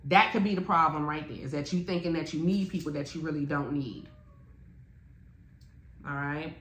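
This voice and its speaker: A woman giving a blunt, profane, animated motivational talk as a spiritual teacher. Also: sits low, moderate pace, a little hiss or hum. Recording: echoey room.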